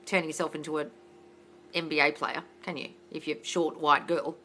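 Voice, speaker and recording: Loud, blunt Australian woman. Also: sits low, level tone, fairly quick, a little hiss or hum. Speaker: mindset coach hosting a live Q&A. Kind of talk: casual live-stream Q&A, reading out comments. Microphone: phone livestream.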